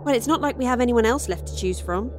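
A woman's voice: a little high, lively intonation, quick pace, slight background noise, close to an everyday voice. A woman voicing a brash, teasing young female scientist with a reckless streak in a storybook reading.

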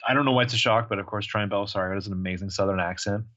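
A man's voice: fairly low pitch, steady tone, rapid-fire, a bit bright, dull audio. A man co-hosting a podcast in casual chat, joking and laughing as he talks. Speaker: podcast co-host.

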